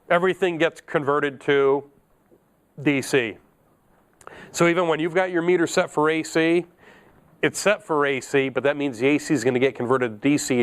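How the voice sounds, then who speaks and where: A middle-aged man with a smooth, fairly high voice teaches electronics in a classroom lecture, joking around in a chatty manner and laughing at his own asides.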